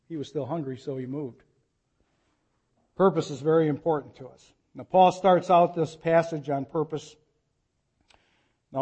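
A man preaching a sermon in a church, reading scripture slowly and rising to urgent appeals. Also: a little high, a little mellow, dull audio. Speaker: pastor.

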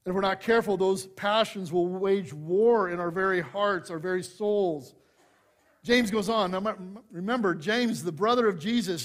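High-voiced expressive male preacher. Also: normal speed. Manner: expressive preaching, swings from loud emphasis to hushed asides; conversational with light humor. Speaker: pastor. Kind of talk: sermon.

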